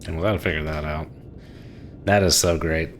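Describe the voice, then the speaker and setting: Deep-voiced man streaming a naval game. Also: fairly even intonation, normal speed, a little hiss or hum. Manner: chatty, laughs often, talks to himself. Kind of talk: casual gameplay commentary.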